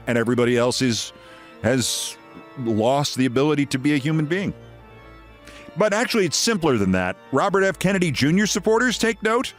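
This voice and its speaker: A man from New York, hosting a scripted political commentary show in a sarcastic, theatrical manner. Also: a little high. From New York, USA.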